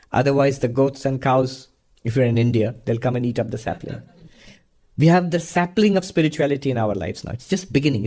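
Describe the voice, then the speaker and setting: A man's voice: mid-range voice, darkish tone. A man, a monk and spiritual teacher, answering a question in an earnest, storytelling way. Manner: earnest storytelling with frequent laughter. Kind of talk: spiritual Q&A talk.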